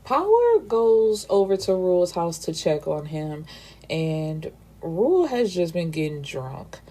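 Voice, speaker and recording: Mellow-voiced woman recapping a book. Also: on the low side, slow. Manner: animated, profane, acts out character dialogue. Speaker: book reviewer.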